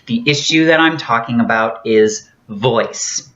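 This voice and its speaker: A woman's voice: extremely low pitch, a little slow, a bit bright, muffled recording. A woman vlogger giving an earnest, casual tutorial with a theatrically trained voice and many fillers.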